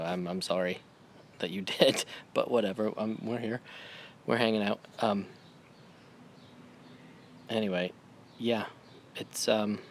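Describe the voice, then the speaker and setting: Male vlogger, 30s, low voice, tipsy rambling homebrew chat, faint room noise.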